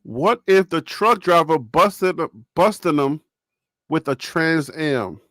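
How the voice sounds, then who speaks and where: A man's voice: fairly high pitch, animated, slow, a bit bright, no room sound, studio quality. A man hosting a casual sports talk show, rambling and joking as he throws rhetorical questions at his audience.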